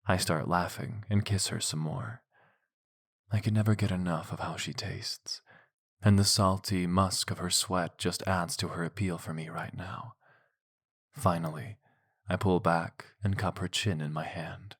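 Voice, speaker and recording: A man narrating a romance audiobook in the first person, intimate with soft breathy passages. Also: low voice, steady tone, measured pace. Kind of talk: scripted narration of a romance novel.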